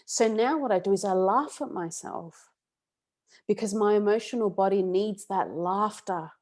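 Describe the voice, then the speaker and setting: A woman hosting a webinar on emotional healing, chatty and animated, often checking in with "yeah?" and "okay?". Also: mid-range voice, normal speed. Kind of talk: casual talk to a webinar audience.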